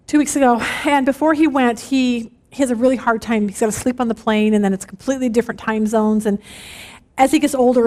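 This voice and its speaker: A middle-aged woman teaching a women's Bible study, telling personal stories and checking in with her listeners with a frequent "okay?". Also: high-pitched. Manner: animated, storytelling with frequent "okay?" check-ins.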